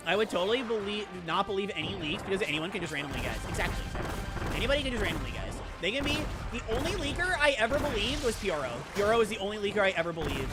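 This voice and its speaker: A woman chats her way through a game stream, rambling and poking fun at herself as she answers chat. Her voice swings widely up and down in pitch. Game music plays clearly behind her. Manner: rambling, chatty and self-mocking, reacting to chat. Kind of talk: casual live-stream chatter while playing a video game.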